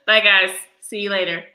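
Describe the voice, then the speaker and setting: A woman talks casually to her live-stream viewers, answering their chat messages. Her voice is bright and sharp. She is brash and playful, swears freely and laughs a lot. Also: medium pitch, steady tone, a little slow, low-quality recording. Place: living abroad, streaming live from home.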